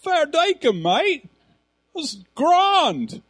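A man's voice: extremely high pitch, very animated, very slow, fairly bright tone, dry recording, clean studio sound, voice pushed up, heavily acted. A man voicing a cheerful Australian tourist with a hearty, slangy, exaggerated Australian accent.

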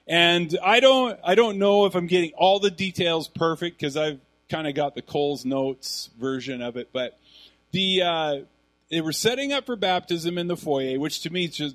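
A middle-aged man delivers a sermon as a pastor. His voice sits a little high for a man. He tells stories in an animated, conversational way.

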